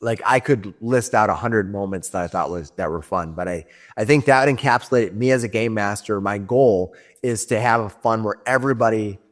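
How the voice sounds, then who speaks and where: A man's voice: on the low side, moderate pace. A man, the game master, reminiscing about a tabletop game in a rambling way with many restarts.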